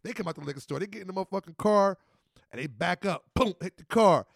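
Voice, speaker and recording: Fast-talking gravelly New man. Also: high-pitched. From New Jersey. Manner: animated, profane street-slang storytelling. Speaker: podcast host. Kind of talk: casual storytelling chat.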